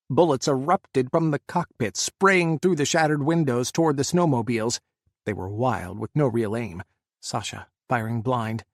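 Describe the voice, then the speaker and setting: A man reading an audiobook aloud in a steady, measured narration. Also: mid-range voice, no echo, clean studio sound. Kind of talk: scripted narration.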